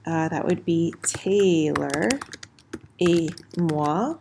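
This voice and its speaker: A woman teaching a casual recorded lesson, explaining clearly and slowing down for example phrases, with keyboard typing in the background. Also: low-pitched, background noise. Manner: friendly, slows down for example phrases. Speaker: French teacher.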